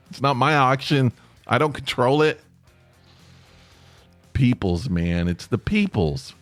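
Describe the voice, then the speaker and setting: A man's voice: mid-range voice, expressive, slow, long pauses, dry recording, soft background music. A man hosting a podcast, talking in a casual, rambling solo monologue with lots of fillers and restarts. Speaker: podcast host.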